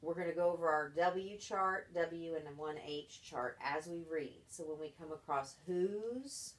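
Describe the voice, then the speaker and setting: A woman's voice: sits low, measured pace. Patient woman tutoring a young reader. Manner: encouraging, patient, explains step by step. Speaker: reading tutor. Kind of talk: one-on-one reading lesson.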